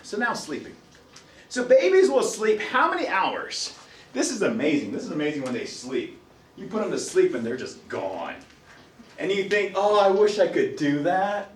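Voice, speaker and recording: A male college lecturer with a fairly high voice, telling anecdotes and quizzing students in a swooping, highly expressive delivery. He acts out his own reactions as he goes. The classroom gives his voice a roomy echo. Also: normal speed, recorded from a distance. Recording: echoey classroom.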